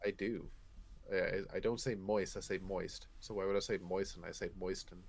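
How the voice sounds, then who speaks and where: A man's voice: low-pitched, steady tone, fast talker, gravelly. Playful swearing man chatting about comics. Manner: playful, swears, laughs often. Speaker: podcast co-host. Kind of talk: casual comic book chat.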